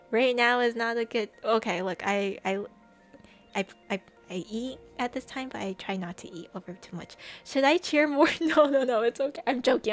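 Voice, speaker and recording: A young woman with a slightly high voice chats casually with her stream, rambling and giggling between thoughts. She reads viewers' messages aloud and answers them, and soft music plays underneath.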